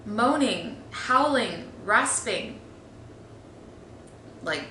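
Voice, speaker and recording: A woman's voice: medium pitch, big pitch swings, extremely slow, sharp tone, a little hiss or hum. A woman giving a casual, exasperated movie review, rambling with lots of fillers and restarts. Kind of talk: casual opinionated film review. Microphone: phone. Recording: echoey room with faint ambience.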